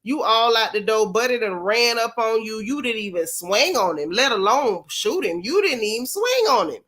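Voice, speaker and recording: A woman's voice: fairly high pitch, expressive, normal speed, fairly bright tone. A woman from Florida hosting a casual gossip vlog, chatty and mocking as she comments on clips.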